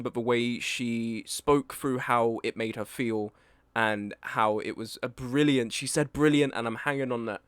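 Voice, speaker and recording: A man in his early twenties with a medium-pitched voice, an author, talks casually and candidly about a review of his book, rambling and losing his train of thought. There's no echo in the recording.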